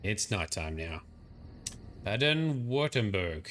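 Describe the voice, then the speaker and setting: A man's voice: mid-range voice, unhurried, pushed and bright, slight background noise. A young man with an Australian accent, chatting and thinking aloud while streaming a game, often laughing. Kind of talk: live-stream gameplay commentary.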